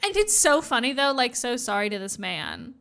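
A woman's voice: on the high side, normal speed, creaky, smooth. A woman co-hosting a podcast, chatting casually as she recaps a TV episode and acts out characters' lines. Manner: animated, acts out quoted lines. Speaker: podcast co-host.

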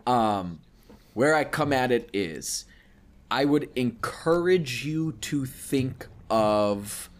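A man co-hosting a casual podcast discussion, earnest and rambling, often restarting his sentences. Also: mid-range voice. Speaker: podcast co-host, voice actor.

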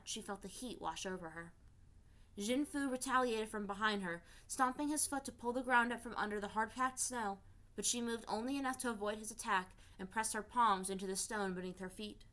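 A woman reading fan fiction aloud in a steady storytelling voice. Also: medium pitch. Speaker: reader.

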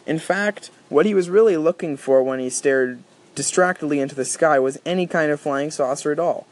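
A man reading a novel aloud in a steady storytelling manner. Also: a little high. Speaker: audiobook reader. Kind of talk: audiobook narration.

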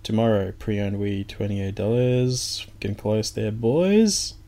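Man, podcast co-host, lowish voice, laid-back, joking, casual chat. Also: slow, dark tone. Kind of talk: casual chat about games.

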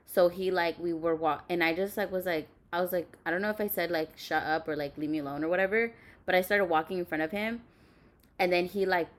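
A woman's voice: on the low side, a little fast. A young woman telling a personal story bluntly, with lots of swearing and fillers. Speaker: podcast host. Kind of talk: candid storytelling chat.

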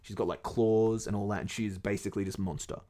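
A man's voice: on the low side, steady tone, quick pace, warm tone. A man casually retelling a fairy tale to his podcast co-host, rambling and swearing along the way. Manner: rambling, swears often, many fillers.

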